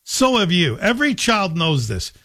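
Man, radio talk host, slightly high voice, wry and sardonic delivery. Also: big pitch swings, moderate pace, sharp tone. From Scotland. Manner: sardonic, joking, slips into a Scottish voice for anecdotes. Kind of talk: opinionated radio monologue.

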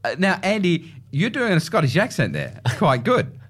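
A man's voice: high voice, very animated, moderate pace, a bit bright, husky. A man, hosting a casual radio chat, talking films in an encouraging, chatty way. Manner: chatty, film-savvy, encouraging. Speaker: radio host.

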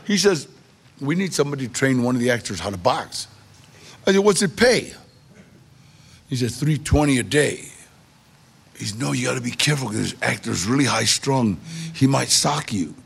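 A man's voice: medium pitch, very animated, normal speed, long pauses. A man telling a personal story in a casual way, acting out short bits of dialogue between himself and others. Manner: gravelly, acts out dialogue in short quoted exchanges. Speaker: guest telling his life story.

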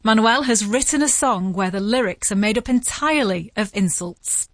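A woman giving scripted narration as a podcast host, vivid and measured. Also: medium pitch, lively intonation, no echo.

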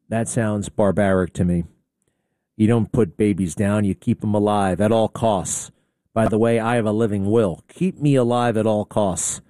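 A man hosting a talk radio show, delivering a blunt, sarcastic and excitable monologue. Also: lowish voice, no room sound, studio quality.

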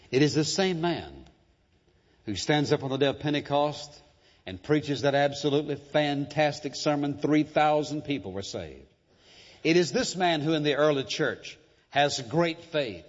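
A man preaching a sermon in a church, emphatic and dramatic, swinging between loud stresses and hushed, slow lines. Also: on the high side. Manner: emphatic, dramatic preaching with sudden shifts in loudness and pace. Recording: dull sound, long hall reverb.

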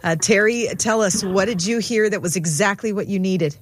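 A woman co-hosting a Christian radio call-in show, enthusiastic and quick to exclaim. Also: medium pitch, background noise. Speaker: radio co-host.

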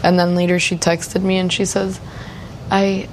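A woman's voice: fairly low pitch, flat delivery, unhurried. A woman who works at a youth center, talking casually and affectionately with the kids. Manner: affectionate, calls the kids "baby". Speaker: youth center staff member. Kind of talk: casual talk recorded on location. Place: community center indoors. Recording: noisy on-location field recording.

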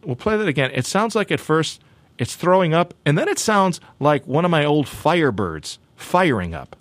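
Animated joking male show host. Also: a little high, moderate pace, no echo. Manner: playful, animated, full of restarts and asides. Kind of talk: joking broadcast segment.

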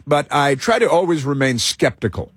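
A male radio host with a husky voice holds forth in an emphatic, meandering political monologue. He trips over fillers and restarts his sentences. The sound is close and dry, with no room in it. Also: a little high, very animated, moderate pace, a bit bright, no room sound. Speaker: radio talk show host.

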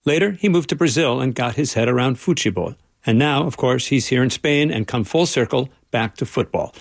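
A man's voice: medium pitch, lively intonation, brisk, gravelly, no echo, studio quality. A male correspondent narrating a radio feature in a wry, playful way.

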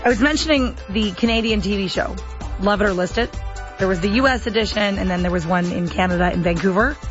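A woman's voice: medium pitch, fast talker, highs cut off, music in the background. A woman hosting a talk radio show, chatty and self-deprecating. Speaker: radio host. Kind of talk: casual radio chat.

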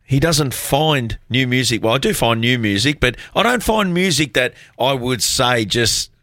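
Australian man, community radio host, chatty and rambling, bright forceful tone, dry studio sound. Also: mid-range voice, lively intonation, normal speed, no room sound. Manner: rambling, self-deprecating, chatty. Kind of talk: casual radio chat.

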